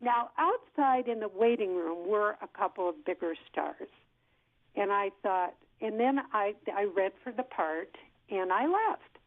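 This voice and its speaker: A woman in her sixties, an actress, telling an animated story in an interview and acting out what people said. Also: mid-range voice, measured pace, no echo. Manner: lively storyteller who acts out what people said. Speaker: actress guest. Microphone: telephone. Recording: tinny phone line.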